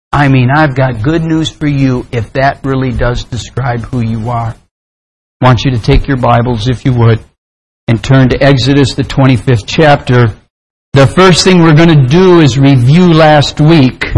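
A man pastor preaching a sermon, praying and telling a story in an earnest, deliberate way. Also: fairly high pitch, rough recording. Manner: slow, deliberate, earnest delivery.

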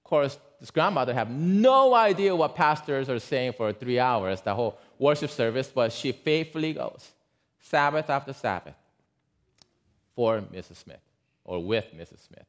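A man preaching, walking his congregation through a story with plenty of asides. His pitch rises and falls a great deal as he talks, and he sits at an ordinary middle pitch for a man. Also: animated, moderate pace. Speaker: pastor. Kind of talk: sermon storytelling.

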